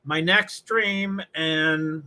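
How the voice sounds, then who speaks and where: Bright, chatty New man. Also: a little high, steady tone, very slow. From New England. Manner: rambling, self-interrupting, chuckling often. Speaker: live streamer. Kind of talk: casual live-stream chatter while watching a race.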